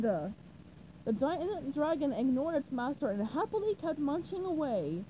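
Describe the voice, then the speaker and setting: High, animated woman reading a storybook. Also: slight background noise, rough recording. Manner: slow, animated narration. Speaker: storybook reader.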